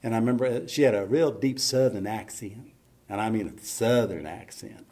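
Gravelly preacher man delivering a sermon. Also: on the low side, moderate pace. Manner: folksy preaching, building to loud emphatic peaks. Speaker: pastor. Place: church sanctuary.

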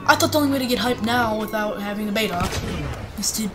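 A woman hosting a gaming video chats casually and fast in a medium-pitched voice, excitably yelping and cheering mid-play as she gives gameplay commentary. Background noise is audible.

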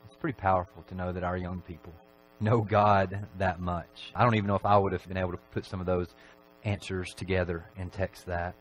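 A man preaching a Sunday evening sermon in a church, talking in a relaxed, conversational way with frequent filler phrases. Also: low voice, brisk, a little hiss or hum, poor audio.

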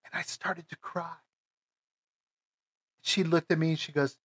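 A middle-aged American man tells a personal story to his viewers in a slow, emotional, halting way. His voice sits a bit high for a man and has a husky edge. The sound is dry and close, with no room around it. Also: little pitch movement, a bit bright, no room sound. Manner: emotional, halting, with many restarts. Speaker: vlogger.

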